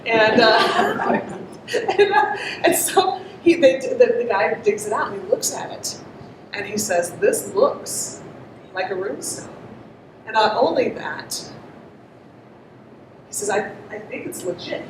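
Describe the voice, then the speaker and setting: A woman's voice: a little high, very animated, slow. Woman presenter, chatty and interactive, distant mic in a very echoey, noisy hall. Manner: chatty, asks the audience questions, laughs often. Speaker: conference presenter. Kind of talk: interactive storytelling talk to an audience.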